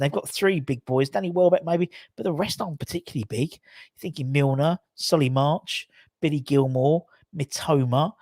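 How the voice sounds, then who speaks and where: A man hosting a live football fan show, chatting casually, animated and sweary, reading viewer comments aloud. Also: medium pitch, dry recording, clean studio sound. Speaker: fan channel host. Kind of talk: casual live matchday chat.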